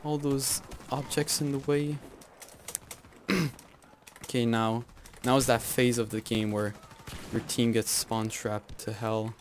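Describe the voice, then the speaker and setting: A young man gives live commentary over his own gameplay, talking slowly and rambling between plays. He laughs and yells at the game at times. Faint noise sits behind his voice. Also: medium pitch, little pitch movement. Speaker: gaming channel host.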